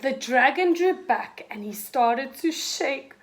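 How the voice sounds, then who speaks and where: Slow, expressive woman reading a picture book. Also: high voice. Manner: expressive, dramatic rises and hushes. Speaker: storyteller.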